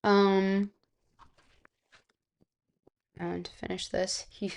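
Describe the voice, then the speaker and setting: Young woman with vocal fry, sick. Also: medium pitch, flat delivery, drawn-out words. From South Florida. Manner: rambling, hesitant, lots of fillers. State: sick, slightly hoarse. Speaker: streamer. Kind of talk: casual live-stream chat. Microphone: close streaming microphone.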